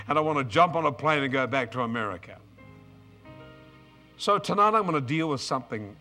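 A man's voice: mid-range voice, lively intonation, fairly quick, long pauses, bright, forceful tone, faint music behind. A man in his seventies with an Australian accent, preaching an emotional, exuberant sermon with bursts of praise and repeated words.

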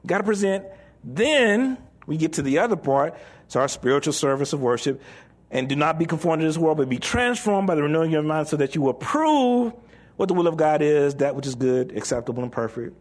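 A male pastor preaching a sermon in an animated, joking way, reading scripture and acting out the voices of doubters. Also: on the high side, brisk.

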